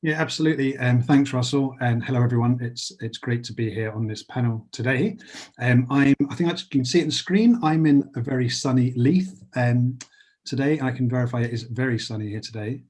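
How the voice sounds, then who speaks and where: Upbeat husky man with a London accent. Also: mid-range voice, brisk, darkish tone. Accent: London English. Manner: chatty, upbeat, with frequent fillers and restarts. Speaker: panelist. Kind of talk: panel introduction on a video call.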